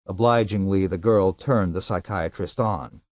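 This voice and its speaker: A man reading an audiobook as the narrator, with an even, measured delivery into a close mic. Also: low-pitched, dry recording. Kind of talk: scripted narration.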